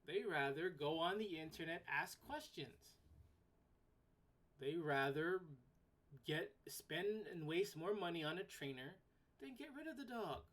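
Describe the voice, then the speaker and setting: A woman's voice: on the low side, lively intonation, unhurried, a bit bright. A woman hosting a solo podcast, ranting bluntly, swearing casually and repeating herself when worked up. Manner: repeats words and restarts sentences when worked up. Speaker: podcast host.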